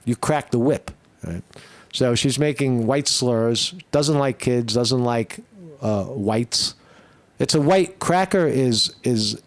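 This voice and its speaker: A man hosting a political commentary show, ranting bluntly and profanely with many halting restarts. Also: medium pitch, dry recording.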